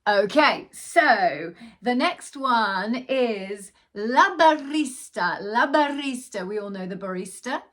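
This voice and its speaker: Bright chatty woman teaching online. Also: medium pitch, expressive. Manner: bright and chatty, drawing out example words slowly and clearly. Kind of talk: casual language lesson.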